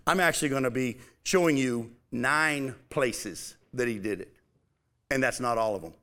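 A man preaching a casual, animated sermon, reading scripture aloud and talking it through with his listeners. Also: mid-range voice, moderate pace. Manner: animated, conversational, reads scripture aloud with emphasis. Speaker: pastor.

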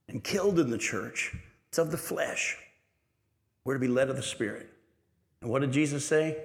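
A man's voice: fairly high pitch, normal speed, creaky, long pauses. A middle-aged pastor preaching a sermon in a church, telling a story earnestly and pressing his points with emphasis. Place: church sanctuary. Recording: echoey church hall.

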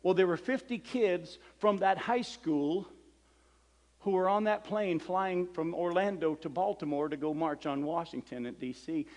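A middle-aged man preaches with an animated storytelling voice, a bit high for a man. He acts out each character as he goes. His voice rings with a long hall reverb. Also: a little slow. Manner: animated storyteller acting out dialogue. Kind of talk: storytelling sermon.

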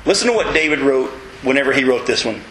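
A man preaching a sermon in a folksy, emphatic way, with self-mocking humor and sudden high leaps in pitch to stress his points. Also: animated, quick pace, echoey room, background noise. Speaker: pastor.

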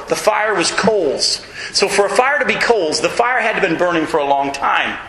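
A man preaching a sermon, animated storytelling that acts out voices and sometimes shouts. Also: high voice, roomy sound, slight background noise, low-quality recording. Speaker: pastor.

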